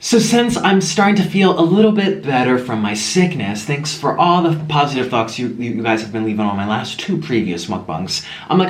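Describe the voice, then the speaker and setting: A man's voice: medium pitch, big pitch swings, fairly quick, few pauses. A man chatting casually to viewers while eating on camera, gushing and chatty, sometimes talking with his mouth full, at home. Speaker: mukbang vlogger. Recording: echoey room with faint music.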